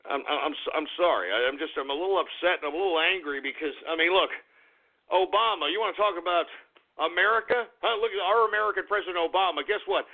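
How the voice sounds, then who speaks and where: A man's voice: high voice, quick pace. A man hosting a talk radio show, ranting angrily and profanely at his listeners. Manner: angry, profane, repetitive ranting. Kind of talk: political rant on talk radio. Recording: tinny phone-like radio audio.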